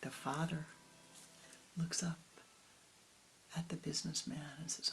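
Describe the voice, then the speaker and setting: A woman's voice: low voice, little pitch movement, measured pace, gravelly, pauses often, a bit bright, a little hiss or hum, low-quality recording. A woman spiritual teacher telling a story dramatically in a dharma talk, often in a half-whisper.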